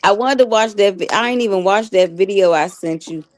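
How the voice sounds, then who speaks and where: A woman's voice: medium pitch, a little fast. A woman co-hosting a podcast, chatting casually and laughing easily. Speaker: podcast co-host. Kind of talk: casual banter.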